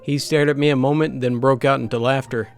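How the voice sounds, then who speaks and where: A man reading funny anecdotes aloud in steady scripted narration. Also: medium pitch, fairly quick, smooth. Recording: faint background music.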